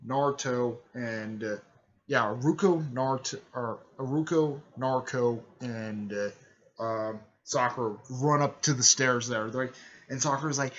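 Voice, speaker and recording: A man casually retelling a fan-made story, rambling with many fillers and self-corrections, and jumping into quick raised-voice impressions of the characters. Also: fairly even intonation, dull audio. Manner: briefly raises his pitch to act out quoted lines.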